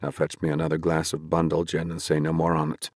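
A man reading an audiobook voices a gruff older male servant who brushes off a worry. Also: extremely low pitch, monotone, fairly quick, dry recording, clean studio sound. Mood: dismissive. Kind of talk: audiobook character voice.

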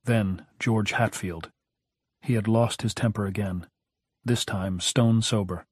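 Low, measured male audiobook narrator. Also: fairly even intonation, husky, no room sound, clean studio sound.

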